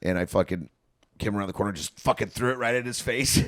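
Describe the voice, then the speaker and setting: A man's voice: fairly low pitch, fast, fairly bright tone, dry recording, studio quality. A man telling profane stand-up stories in casual podcast chat, laughing and acting out the people in them. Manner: profane, laughing storyteller who acts out quotes.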